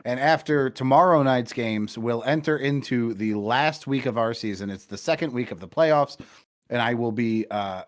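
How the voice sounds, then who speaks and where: A man's voice: medium pitch, moderate pace. A man co-hosting a podcast over a call, rambling about sports in a profane, self-deprecating way. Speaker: podcast co-host. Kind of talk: casual sports chat. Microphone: remote call connection.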